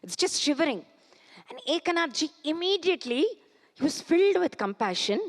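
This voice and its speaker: A woman with an Indian English accent giving a spiritual talk, firing off rhetorical questions and chanting Sanskrit verses slowly. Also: high voice, very animated. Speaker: spiritual speaker. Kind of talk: spiritual discourse with storytelling. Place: large auditorium. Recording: auditorium reverb.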